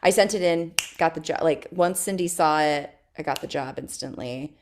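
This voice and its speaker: A woman actress as a podcast guest, telling stories in a chatty, animated way and laughing often. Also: sits low, normal speed, a little hiss or hum. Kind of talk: casual interview chat.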